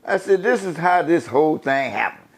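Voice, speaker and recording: An older man from the USA telling stories in a casual interview, animated and profane, laughing as he talks. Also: a little high, moderate pace. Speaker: guest storyteller.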